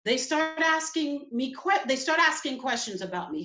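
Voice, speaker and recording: A woman telling a personal story at a community event, emotional and halting. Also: high voice, fairly bright tone, reverberant, muffled recording.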